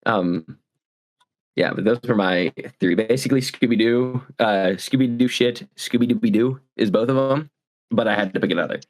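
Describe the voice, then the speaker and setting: A man co-hosting a podcast in casual chat, halting and full of fillers. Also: mid-range voice. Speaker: podcast co-host.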